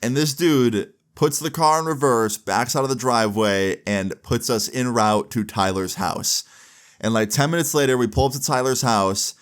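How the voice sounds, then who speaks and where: A man's voice: medium pitch, moderate pace, clean tone. A young adult man casually narrating a personal story, full of "like" fillers and acting out quoted dialogue. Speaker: storytime vlogger.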